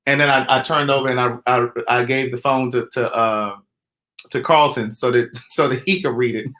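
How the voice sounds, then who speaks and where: A man, vlogging in a sassy, teasing, animated way at home. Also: mid-range voice, moderate pace. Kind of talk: casual comedic vlog. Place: indoors at home.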